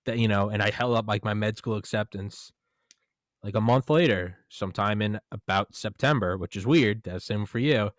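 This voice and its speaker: A young man tells a rambling story in casual podcast talk, quoting himself along the way and swearing freely. His voice sits fairly low. The sound is dry and close. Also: moderate pace, dry recording. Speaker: podcast host. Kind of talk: casual conversation.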